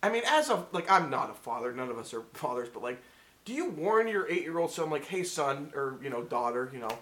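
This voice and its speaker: A man's voice: mid-range voice, sing-song, fast, a bit bright. A man co-hosting a casual podcast chat, rambling and full of filler words. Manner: rambling, heavy on "you know" fillers. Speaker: podcast co-host.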